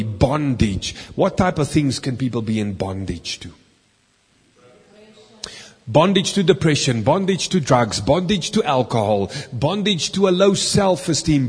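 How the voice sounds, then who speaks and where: Husky preacher in a reverberant hall. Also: male voice, a little high. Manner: swings from loud emphatic lines to slow, quiet, drawn-out words. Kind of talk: sermon.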